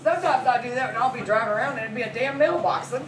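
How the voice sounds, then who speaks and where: Over a loud crowd, a woman in her forties fires off stand-up stories in a slightly high, rapid-fire voice, laughing as she goes. A massage therapist, she gets brash and profane about her son and her clients. The comedy club recording is echoey and noisy, captured from a distant mic.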